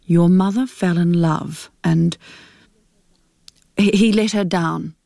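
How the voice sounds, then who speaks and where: A woman's voice: on the low side, steady tone, slow pace, creaky, warm tone, no echo, clean studio sound. Woman voicing a tearful defensive mother. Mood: pleading. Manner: pleading, defensive. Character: tearful unfaithful middle-aged mother.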